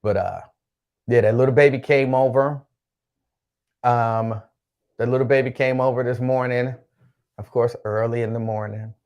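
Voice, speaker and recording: A man's voice: mid-range voice, animated, moderate pace. Male host for a casual live-stream chat, laid-back, repeats himself, reads viewer names.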